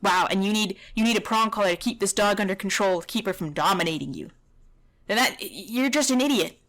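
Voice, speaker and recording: A woman's voice: mid-range voice, a little fast, fairly bright tone. A woman dog trainer giving blunt, heated reaction commentary over a video, swearing at times.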